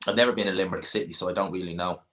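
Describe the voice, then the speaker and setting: A low-pitched Irish man hosts a casual livestream, reading out viewer questions and answering them offhand. Without any rush, he rambles, restarts and tosses in quick asides, keeping a steady tone that is fairly bright.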